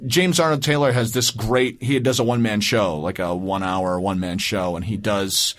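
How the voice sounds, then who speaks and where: A man's voice: lowish voice, fairly even intonation, normal speed. A man hosting a podcast, talking in a chatty, rambling way. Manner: chatty, full of fillers and restarts. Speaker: podcast host. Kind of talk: casual interview chat.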